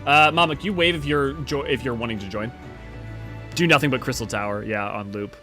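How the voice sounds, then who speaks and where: A man's voice: mid-range voice, fairly quick, sharp tone, soft background music. A man hosting a game live stream, chatting casually with viewers in a rambling way while he organizes a group. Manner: rambling, talks to chat while organizing a party.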